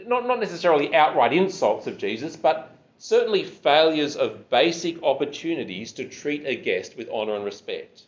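A man's voice: on the high side, highs cut off. A man preaching a sermon, explaining scripture verse by verse and stressing key words.

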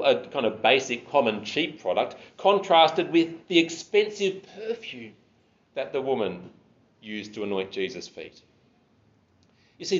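A man's voice: a little high, dull audio. A man preaching a sermon, explaining scripture verse by verse and stressing key words.

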